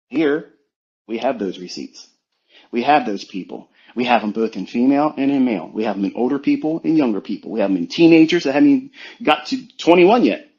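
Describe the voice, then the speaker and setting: A man, a trading mentor, giving a forceful motivational rant full of swearing and rhetorical questions. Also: medium pitch. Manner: forceful, profane, preachy. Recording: dull lo-fi sound.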